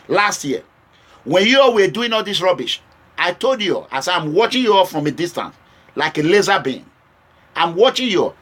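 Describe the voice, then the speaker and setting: A man's voice: high-pitched, fairly bright tone. A Nigerian man from Edo State speaking straight to his viewers in an impassioned political address that moves between warnings and pleading. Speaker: political vlogger. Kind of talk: direct-to-camera political address.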